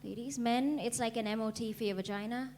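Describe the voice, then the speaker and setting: A young woman from India performs a stand-up set into a stage mic. Her voice sits a little high, and she stays deadpan while laughing at her own lines. A faint hum runs underneath the live room. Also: brisk. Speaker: stand-up comedian. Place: comedy club stage.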